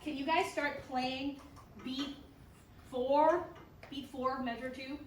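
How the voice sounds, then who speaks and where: A woman with a high-pitched yet darkish voice speaks a little slowly while instructing a school band in rehearsal, upbeat and encouraging as she sings rhythms. The echoey, distantly miked recording has a little hiss or hum, and band instruments play in the background.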